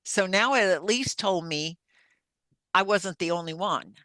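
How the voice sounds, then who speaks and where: Unhurried and fairly low-pitched with a fairly bright tone, this older woman is a podcast guest earnestly relating a personal story in rich detail. She acts out the lines of dialogue, heard on a dry recording.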